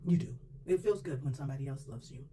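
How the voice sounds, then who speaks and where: A woman's voice: very deep voice, fast talker, mellow. A woman giving a personal faith testimony in a colloquial, emphatic storytelling manner. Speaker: testimony speaker. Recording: distant mic with faint background noise.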